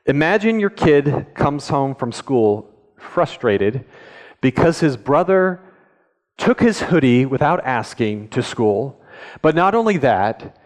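Pastor guy preaching casually, mid-pitched voice, asks the room questions, big hall echo. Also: sing-song, slow pace. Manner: conversational, asks the audience questions. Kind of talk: sermon. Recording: echoey hall.

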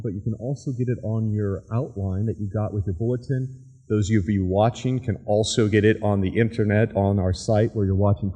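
In a church sanctuary, a pastor delivers a sermon, chatting with the congregation and recounting a dramatic story. His medium-pitched voice is dark and slightly rough, and the hall sounds echoey.

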